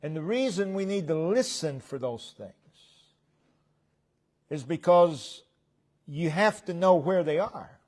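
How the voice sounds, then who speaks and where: A man delivers a sermon in a church at an unhurried, measured pace. His voice sits slightly high for a man, and he breaks his points into short phrases that fall away at the ends. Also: lively intonation, darkish tone. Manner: slow, deliberate preaching with pauses between phrases. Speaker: preacher.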